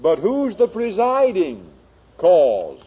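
A man preaching a sermon in slow, dramatic oratory that builds to emphatic peaks. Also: sits high, wildly swooping pitch, breathy edge, phone-quality sound.

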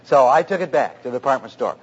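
A man's voice: medium pitch, fast talker, breathy edge. A man who is a pastor, preaching earnestly through a personal story about marriage, in a dull lo-fi recording. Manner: earnest, anecdotal, animated retelling.

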